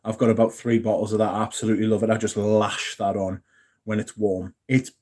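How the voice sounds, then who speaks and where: A livestream host in his thirties chats casually with viewers, rambling, swearing, and answering questions from chat. His voice is lowish and darkish, level in tone and brisk in pace.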